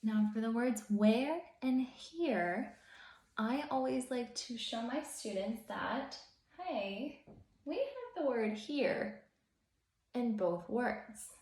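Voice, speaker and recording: A woman's voice: on the high side, big pitch swings, slow pace, a little mellow. A young adult woman teacher hosting an upbeat instructional video, cheerful and encouraging with sing-song emphasis. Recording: echoey room.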